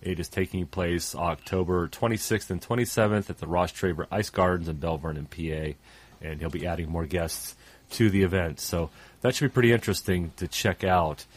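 A man's voice: sits low, brisk, husky. A man co-hosting a radio show in casual talk, stuffed up, rambling with many fillers and trailing off at phrase ends.

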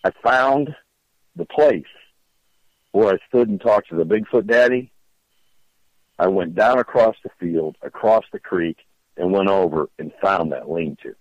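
Deep-voiced man telling a rambling story. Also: measured pace, pauses often, dry recording, lo-fi sound. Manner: rambling, repeats words, animated retelling. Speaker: storyteller guest. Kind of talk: casual storytelling.

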